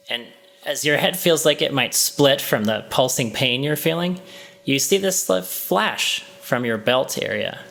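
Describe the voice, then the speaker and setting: A man running a tabletop game as game master, narrating a scene slowly in the second person with frequent ums and restarts. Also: medium pitch, gravelly, bright, forceful tone.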